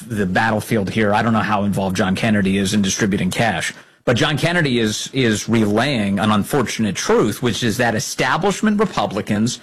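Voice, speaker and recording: A man hosts an opinionated political commentary show in a husky voice that climbs and falls with lively emphasis. He talks in a sarcastic, indignant way and keeps needling the people he quotes. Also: mid-range voice.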